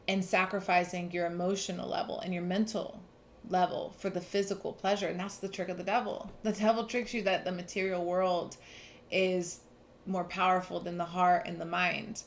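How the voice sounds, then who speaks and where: A woman's voice: fairly low pitch, slight background noise. A young woman giving a casual, earnest tarot reading, talking emphatically and restarting often. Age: young adult. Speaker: tarot reader.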